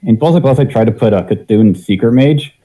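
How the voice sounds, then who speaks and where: A man's voice: mid-range voice, lively intonation, moderate pace, dark tone, low-quality recording. A man on a casual panel chat, rambling and thinking aloud, repeating himself as he weighs each matchup.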